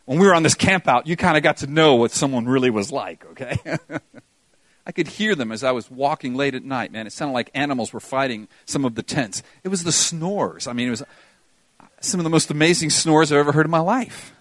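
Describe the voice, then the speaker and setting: A man's voice: mid-range voice, a little fast, a bit bright, dry recording. A middle-aged man preaching a sermon, reading scripture aloud with feeling and repeating key phrases. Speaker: pastor.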